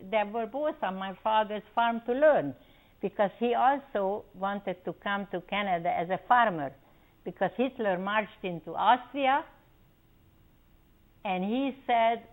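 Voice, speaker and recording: A woman's voice: medium pitch, rough recording. An older woman from Czechoslovakia telling her family's story in an oral history interview, acting out what people said. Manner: animated storytelling, acting out quoted voices.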